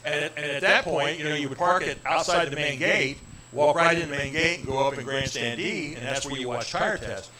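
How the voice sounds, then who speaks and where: A man's voice: on the high side, a little fast, crowd noise. A man in his sixties from Indiana, a comedian telling a story on a radio talk show and acting out the dialogue. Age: 60s. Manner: animated comic storyteller, acts out dialogue. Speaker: comedian guest.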